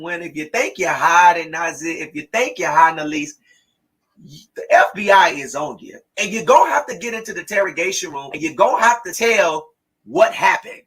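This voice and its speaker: A woman hosting a live talk show, speaking with fiery anger and preaching hard at the people she blames, often rising to a shout. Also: sits low, poor audio. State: angry. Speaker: host.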